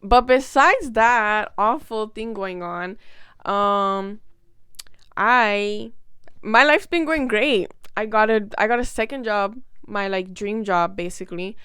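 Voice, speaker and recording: A woman's voice: medium pitch, slow, a bit bright, clean tone, dry recording, clean studio sound. A young woman vlogger talking casually to camera, rambling emotionally through a personal story with many fillers and restarts.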